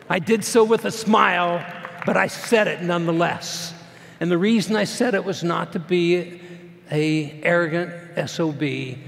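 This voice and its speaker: A middle-aged man tells a personal story to a live audience in a plainspoken, folksy way. His voice sits a little high and has a gravelly edge. The sound carries a long reverb from a big hall. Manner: plainspoken folksy storytelling, swinging from hushed to loud. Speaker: motivational speaker.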